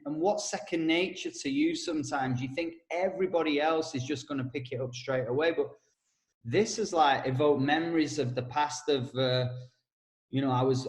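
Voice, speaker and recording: A man co-hosting a casual podcast chat, telling stories with frequent laughs and quick asides. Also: on the high side, echoey room. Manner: chatty storyteller, laughs often, quick asides. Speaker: co-host, personal development coach.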